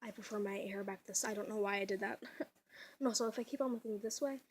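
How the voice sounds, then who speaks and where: A woman's voice: medium pitch, fairly even intonation, fast, a little hiss or hum. A young woman vlogging at home, chatty and giggly, rambling with lots of fillers, her voice a little off. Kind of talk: casual home vlog. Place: at home indoors. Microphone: camera mic.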